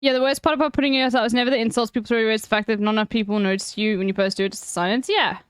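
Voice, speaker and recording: A woman's voice: fairly high pitch, steady tone, very fast, smooth, no room sound, clean studio sound. A woman streamer chatting frankly with viewers, giving blunt advice and swearing freely. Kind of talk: casual chat with viewers.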